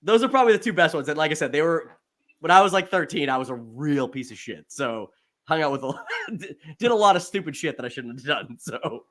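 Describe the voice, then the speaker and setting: Man, slightly high voice, profane, laughing storyteller, casual podcast chat. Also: lively intonation, fairly quick, a bit bright. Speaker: podcast co-host.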